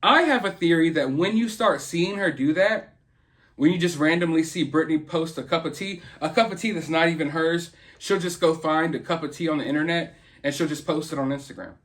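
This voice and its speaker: High-voiced man giving earnest commentary. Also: brisk, fairly bright tone. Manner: earnest, rambling, opinionated. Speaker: host. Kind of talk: casual commentary.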